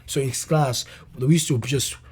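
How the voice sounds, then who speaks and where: A young man, a comedian guest, telling a personal story in an interview, animated and loose, with swearing and restarts. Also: medium pitch, a little slow, husky.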